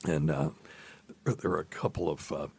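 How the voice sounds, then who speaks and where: A man's voice: extremely low pitch, moderate pace, breathy edge. A middle-aged male podcast host and doctor telling self-deprecating stories in casual chat. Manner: self-deprecating, animated storyteller.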